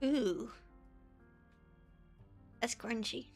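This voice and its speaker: Chatty woman with a higher voice. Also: drawn-out words, a little mellow, breathy edge, soft background music. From Netherlands. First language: Dutch. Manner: chatty, self-deprecating, laughs often. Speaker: streamer. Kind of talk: casual live-stream chat.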